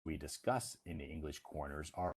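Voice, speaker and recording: A man's voice: very deep voice, expressive, normal speed, a little mellow, husky. A man, an English teacher, telling a casual story on a livestream in a rambling way with many fillers and restarts.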